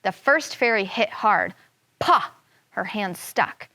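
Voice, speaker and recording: A woman teacher reads a folk tale aloud for young children, acting out sound effects and explaining words as she goes. Her voice sits in a middle pitch, recorded dry and close. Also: unhurried, no echo. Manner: expressive, voicing sound words and characters. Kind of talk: reading a story aloud to children. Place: classroom studio.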